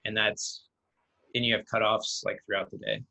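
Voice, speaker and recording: Guy being interviewed, super calm and matter-of-fact, kinda bright tense voice. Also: fairly low pitch, moderate pace, gravelly, poor audio. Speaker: interview guest. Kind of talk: casual interview chat.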